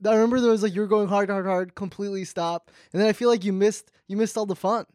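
A young man co-hosting a podcast with quick, joking banter and short agreeing replies. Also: sits high, fairly even intonation, a little mellow, no room sound. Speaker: podcast co-host. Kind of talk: casual podcast chat.

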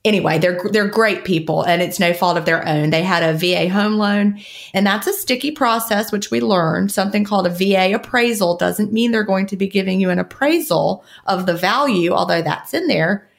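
A woman's voice: medium pitch, normal speed, creaky. A woman co-hosting a podcast in casual chat, rambling and laughing often as she talks. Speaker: podcast co-host.

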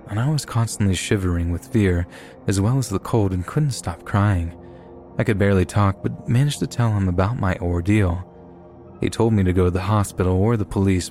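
A man with a very deep voice reads submitted horror stories in a measured, steady way. Soft music plays faintly under the narration. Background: soft background music.

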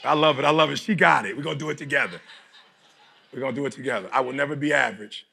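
A middle-aged man from Detroit giving a preachy motivational speech to a live audience, often shouting and leading call-and-response. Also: mid-range voice, racing, vocal fry, a little hiss or hum. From Detroit, United States. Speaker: motivational speaker.

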